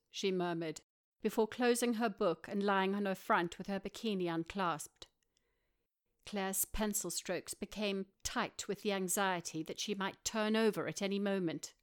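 A woman narrating an audiobook in an even, measured way. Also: medium pitch, smooth.

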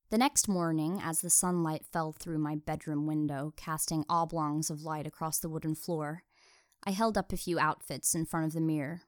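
A woman's voice: sits low, steady tone, normal speed, dry recording, clean studio sound. A woman reading a first-person audiobook in a wry, self-deprecating way. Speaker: audiobook narrator.

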